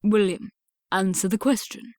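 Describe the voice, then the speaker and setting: A loud, blustering older gentleman of the Regency era, as a woman narrator puts him on, pushing his words out brusquely and with heavy emphasis. He sounds like a storybook father who expects to be obeyed, and his voice sits close and dry on the mic. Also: mid-range voice, unhurried, dry recording, lightly acted. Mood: booming.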